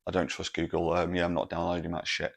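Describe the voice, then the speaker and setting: A man's voice: completely flat delivery, fast talker, creaky. Man putting on a brash, paranoid bloke. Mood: suspicious. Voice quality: loud, higher, sweary. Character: paranoid boozy scruffy fortyish man, brash.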